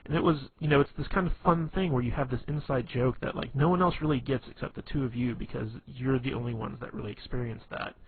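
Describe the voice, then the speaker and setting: A man's voice: mid-range voice, quick pace, few pauses. A man giving casual instructional advice in a rambling way, with many fillers and restarts. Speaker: dating advice talker. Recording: tinny phone-like audio with faint hiss.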